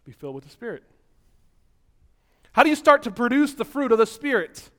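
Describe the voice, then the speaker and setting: A man preaching an energetic, animated sermon, so physically active that he sounds out of breath at times. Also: very high voice, fairly quick.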